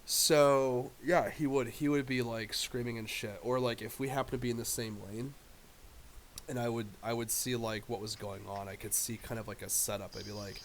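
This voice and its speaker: A man's voice: mid-range voice, fairly even intonation, moderate pace. Casual male streamer, loose and profane, telling a story with a faint hiss behind. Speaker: live streamer.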